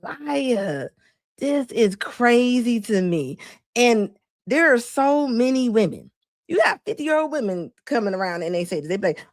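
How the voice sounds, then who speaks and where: Animated woman mocking with frequent laughter. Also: a little high, a little slow, pauses often, no echo, clean studio sound. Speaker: live-stream commentator. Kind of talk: reaction stream talking to chat.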